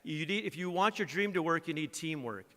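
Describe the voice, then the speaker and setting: Middle-aged guy giving a folksy award speech, bright forceful voice, big hall echo. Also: fairly high pitch, expressive, a little fast. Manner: earnest, folksy, uses an acronym and jokes. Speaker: credit union executive giving an award speech. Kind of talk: motivational acceptance speech. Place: large event hall. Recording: reverberant banquet hall.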